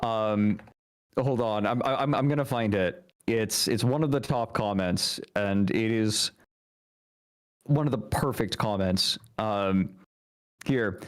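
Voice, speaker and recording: A man's voice: lowish voice, slow. A man chatting casually as a guest on a live stream, with dry understated humor.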